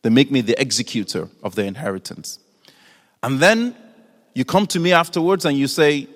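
A man's voice: mid-range voice, normal speed. A man teaching an audience, asking them questions as he explains. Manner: engaging, asks the audience questions. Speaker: Islamic teacher. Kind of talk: lecture to an audience. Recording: long hall reverb.

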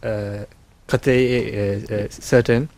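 A man's voice: fairly low pitch, fairly even intonation, slow pace, gravelly, a little mellow. Male student answering in class, kinda unsure, lots of uhs. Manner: tentative, with fillers. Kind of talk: classroom discussion.

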